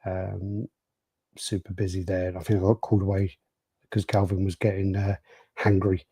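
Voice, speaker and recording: Low dark husky British man chatting. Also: little pitch movement, moderate pace, no room sound. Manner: rambling storyteller, acts out quotes. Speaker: podcast co-host. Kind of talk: casual chat, reading live chat.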